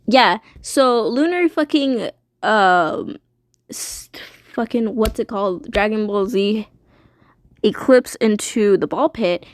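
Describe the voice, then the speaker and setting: A woman's voice: medium pitch, animated, takes it slowly. A woman streamer casually retelling a story, rambling and swearing with lots of fillers.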